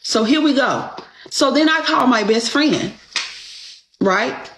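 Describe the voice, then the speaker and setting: A woman with a high, bright, expressive voice tells her story slowly and emphatically on a show, swearing and often checking in with "okay?". It's casual storytelling recorded in an echoey room with a little hiss or hum.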